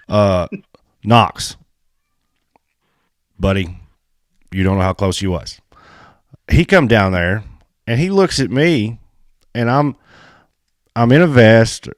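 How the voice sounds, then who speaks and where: A man co-hosting a casual podcast, telling a story in a blunt, animated way and swearing freely. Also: sits low, dry recording, clean studio sound. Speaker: podcast co-host and race filmer.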